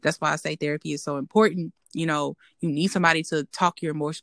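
A young woman co-hosting a casual podcast, her voice gravelly with a touch of fry. She talks candidly and reflectively, circling back to repeat her points, and the sound is close and dry. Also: deep voice, steady tone, fast talker, fairly bright tone, no room sound. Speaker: podcast co-host. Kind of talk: casual chat.

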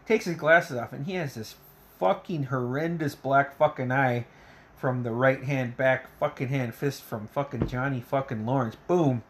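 Man recapping a film with profane excitement. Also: mid-range voice. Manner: profane, excitable play-by-play retelling; laughs often. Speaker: podcast host reviewing a film. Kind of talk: casual storytelling recap.

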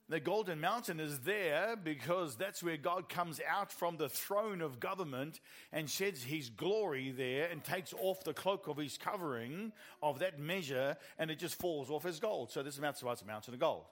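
A man's voice: a little high, fairly bright tone. A middle-aged man with a New Zealand accent preaching a sermon, telling stories with animation and laughing at his own jokes.

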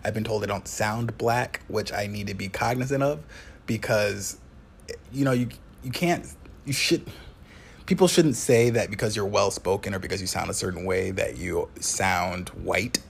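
Man, twenties, Wisconsin accent, low-pitched, gravelly, excitable, joking, casual podcast host. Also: moderate pace, a little hiss or hum. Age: 20s. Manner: excitable, jokey, swears casually. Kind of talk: casual solo podcast monologue.

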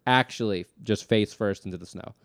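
A man, co-hosting a casual podcast chat and telling stories in a loose, animated way full of slang and swearing. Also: fairly low pitch, normal speed, no echo, studio quality. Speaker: podcast co-host.

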